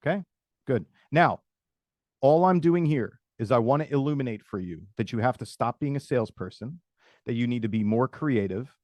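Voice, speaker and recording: A man's voice: medium pitch, lively intonation, moderate pace, darkish tone, dry recording. A man hosting a live webinar on video call, coaching sales agents and improvising sample messages while calling on attendees by name.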